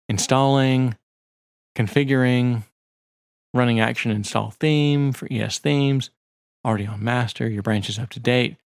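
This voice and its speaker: A man's voice: medium pitch, no room sound, studio quality. A man co-hosting a podcast in casual chat, rambling and swearing freely while he reads text off a screen. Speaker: podcast co-host.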